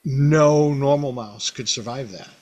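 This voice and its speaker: A man hosting a podcast, casually recounting a tabletop game he ran, rambling and animated with many fillers. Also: mid-range voice, measured pace, lo-fi sound. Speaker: podcast host, game master. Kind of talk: casual storytelling about a past game.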